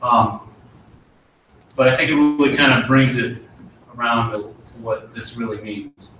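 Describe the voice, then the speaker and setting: A middle-aged man, an army officer, giving an earnest promotion speech and telling a folksy story with pauses and restarts. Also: medium pitch, pushed and bright, distant mic, a little hiss or hum. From United States. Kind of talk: ceremony speech with war story. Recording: very echoey hall, voice from afar.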